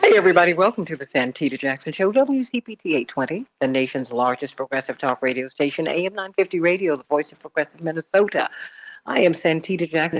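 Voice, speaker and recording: Gravelly-voiced woman hosting talk radio. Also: sits low. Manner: chatty, exclamatory, repeats words. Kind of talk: morning talk radio chat. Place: radio studio.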